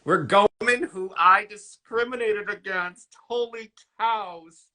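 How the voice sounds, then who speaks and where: A man hosting a casual phone livestream, excitable and gushing as he rambles on. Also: sits high, slow pace. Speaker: livestream host.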